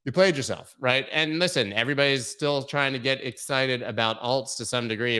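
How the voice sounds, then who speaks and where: Brash, joking man with a bright voice. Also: fairly low pitch, clean tone. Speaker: crypto market show host. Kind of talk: casual live market commentary.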